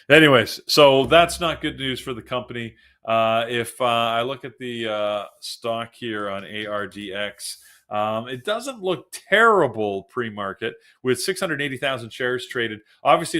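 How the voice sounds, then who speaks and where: Male live-stream trading host, bright forward tone, loose chatty delivery. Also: mid-range voice. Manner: casual, chatty, self-interrupting while reading news. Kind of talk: live market commentary.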